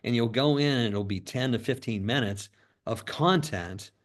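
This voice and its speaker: A man co-hosting a business podcast, talking in a relaxed, conversational way. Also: mid-range voice, moderate pace. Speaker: podcast co-host. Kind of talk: casual discussion.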